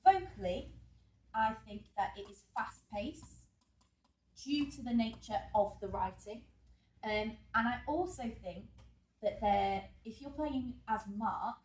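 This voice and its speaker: A woman's voice: a little high, lively intonation, takes it slowly, a little mellow, recorded from a distance, a little hiss or hum. Chatty woman teaching drama, roomy echo. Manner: chatty, many fillers, checks in with "okay?". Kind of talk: exam revision lesson. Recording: echoey room, voice off-mic.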